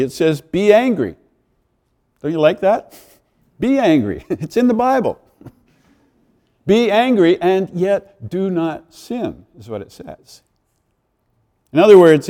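A man's voice: fairly high pitch, mellow. A male pastor giving a conversational sermon, with friendly asides and the odd chuckle.

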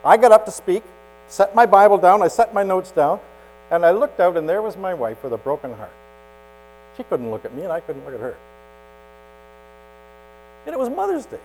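A man preaching a storytelling sermon as a pastor, swinging from loud emphasis to hushed asides. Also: high-pitched, sing-song, normal speed, pauses often, a little hiss or hum, low-quality recording.

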